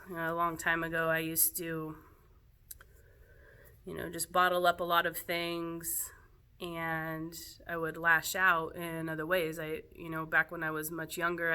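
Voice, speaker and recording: A woman yoga teacher speaking casually to her students in a gentle, reflective way, laughing softly now and then. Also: fairly low pitch, clean tone. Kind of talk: casual spoken talk to students.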